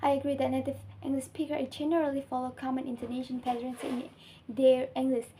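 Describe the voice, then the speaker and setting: A woman's voice: high-pitched, flat delivery, fast talker, mellow, a little hiss or hum, low-quality recording. Young Indonesian woman reading her coursework. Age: young adult. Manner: careful, earnest reading with small slips. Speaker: student. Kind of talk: reading a class assignment.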